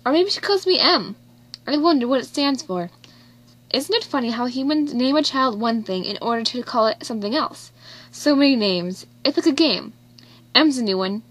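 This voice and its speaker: Excitable, giggly little girl, voiced by a woman reader; eager, high. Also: normal speed.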